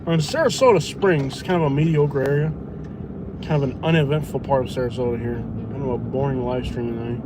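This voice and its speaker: A man's voice: mid-range voice, brisk. A man, a delivery driver, chatting and telling rambling jokey stories while he drives. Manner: joking, rambling storyteller. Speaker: food delivery driver and live streamer. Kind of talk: casual chat while driving. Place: inside a vehicle on the road. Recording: noisy car interior.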